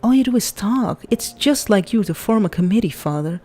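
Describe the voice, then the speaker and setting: Haunted young woman, fearful and pleading, read by a woman; mellow tone. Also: on the low side, a little slow. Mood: frightened.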